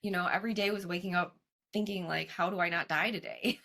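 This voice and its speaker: A woman's voice: fairly low pitch, steady tone, fairly quick, gravelly, sharp tone. A young adult woman, a guest on an interview show, telling her story casually and animatedly, acting out what others said and laughing often. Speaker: guest, cancer survivor and coach.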